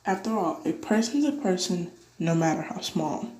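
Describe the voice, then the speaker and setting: A woman's voice: on the low side, animated, moderate pace, dark tone, echoey room, close to an everyday voice. A woman voicing a kind, earnest male elephant in a storybook reading. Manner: earnest, pleading.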